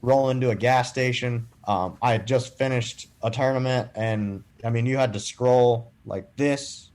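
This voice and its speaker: Young man, earnest, casual podcast guest, storytelling, mid-pitched voice. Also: a little slow, a little mellow. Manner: earnest, acts out quoted dialogue. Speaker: podcast guest, boating safety speaker.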